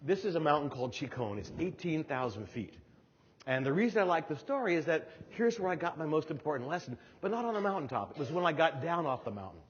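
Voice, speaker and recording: A middle-aged man from New Jersey giving a humorous storytelling keynote speech, acting out voices with animated delivery. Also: fairly high pitch, quick pace. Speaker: keynote speaker. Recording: dull hall recording with long reverb.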